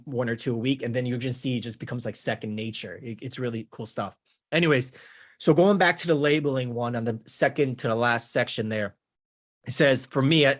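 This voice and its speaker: A man coaching real estate agents on negotiation, energetic and casual, mimicking clients with playful chatter. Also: medium pitch. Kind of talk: teaching with slides.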